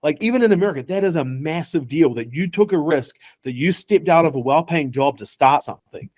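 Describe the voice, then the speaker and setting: Man, New Zealand accent, startup founder, interview guest, lively storyteller, slightly high pitch. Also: fairly quick. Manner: animated storyteller, acts out quoted dialogue. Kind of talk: casual interview talk.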